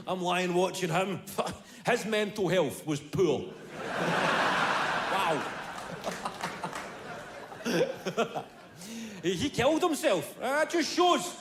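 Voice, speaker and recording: High-voiced, sweary Scottish comedian. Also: male voice, slow, long pauses. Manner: animated, profane storytelling. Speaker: stand-up comedian. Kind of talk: stand-up comedy.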